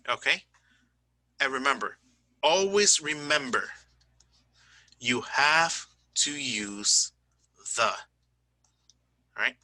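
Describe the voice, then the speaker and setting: Bright-voiced joking English teacher, man. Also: medium pitch, no room sound. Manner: chatty, joking, checks understanding with "right?" and "okay?"; slows right down to spell out word endings. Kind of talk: recorded online grammar lesson.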